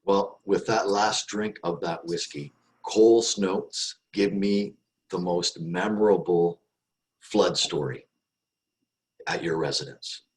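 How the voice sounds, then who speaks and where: A man's voice: sits low, takes it slowly, rough recording. A man hosting an interview, asking questions in a loose, conversational way. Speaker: interview host.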